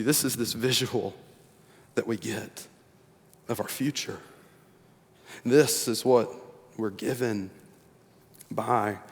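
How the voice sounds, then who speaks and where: A young man preaches from a church platform, his mid-height voice carrying a long reverb through the sanctuary. He reads scripture slowly and softly, then breaks into lively, animated storytelling. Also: medium pitch. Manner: shifts from slow, soft scripture reading to lively, animated storytelling. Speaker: pastor. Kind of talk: sermon.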